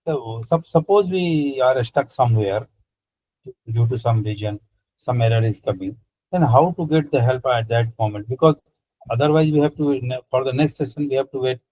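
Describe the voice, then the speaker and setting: Husky student asking questions. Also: male voice, mid-range voice, normal speed, dark tone, rough recording. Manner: hesitant, searching for words. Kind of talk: asking questions in an online class. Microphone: video call.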